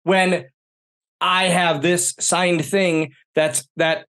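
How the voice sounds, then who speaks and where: Male host, relaxed, agreeable, casual conversational delivery. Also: sits high, extremely slow, clear, resonant tone. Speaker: podcast host. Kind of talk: casual chat.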